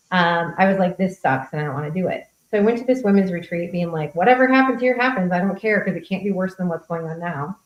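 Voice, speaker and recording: A woman's voice: on the low side, echoey room, muffled recording. A woman coach speaking frankly and casually, answering questions at a group meetup, with casual swearing. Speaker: host and coach.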